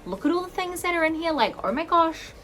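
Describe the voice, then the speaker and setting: A young woman vlogging an excited unboxing at home, gasping and gushing over each item. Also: very high voice, fairly quick, a little hiss or hum. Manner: gushing, gasping, lots of "oh my God".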